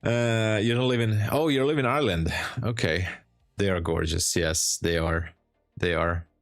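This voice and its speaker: A man's voice: fairly low pitch, fairly even intonation, normal speed, soft background music. A man hosting a live trading stream, chatting casually with viewers, laughing often and giving encouraging advice. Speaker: trading livestream host.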